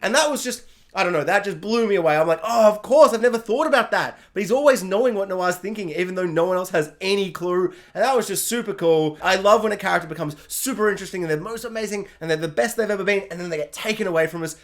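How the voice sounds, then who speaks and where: A man giving a casual, excitable spoken review of a TV episode, talking fast and filling his sentences with "like". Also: sits high. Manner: chatty and excitable, heavy use of "like".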